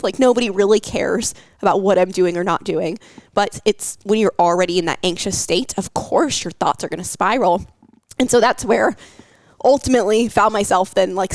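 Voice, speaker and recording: Young woman coach, open and emotional, halting speech, dry close sound. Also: mid-range voice, no room sound. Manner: candid, emotional, halting with fillers. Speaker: health coach. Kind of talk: personal podcast talk.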